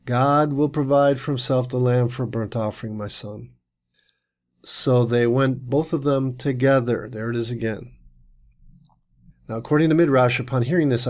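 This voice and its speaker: A man's voice: mid-range voice, a little mellow. A man giving an earnest Bible teaching, explaining the text at length and often restarting his phrases. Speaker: Messianic teacher.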